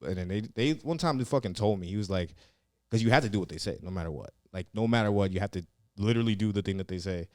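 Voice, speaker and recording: A young man with a very low voice tells loose, profanity-laced stories in a casual podcast chat, leaning on "like" and "yeah." The sound is close and dry, with no room around it. He talks in easy, meandering bursts. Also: quick pace, no echo. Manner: rambling, profane, heavy on "like" and "yeah". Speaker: comedian and former Marine recruit, podcast guest. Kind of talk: casual storytelling interview.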